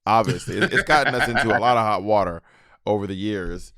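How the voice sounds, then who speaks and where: A man co-hosting a casual chat show with a smooth, resonant voice. He talks in an animated, campy way and throws in quick asides. The sound is dry and close. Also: fairly low pitch, dry recording. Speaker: podcast co-host.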